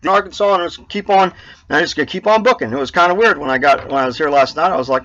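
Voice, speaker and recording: A man with a high, bright voice rambles through a casual update on his own trucker show. He stops and restarts often, with lots of fillers and chuckles along the way. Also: fast talker, highs cut off. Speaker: trucker podcast host.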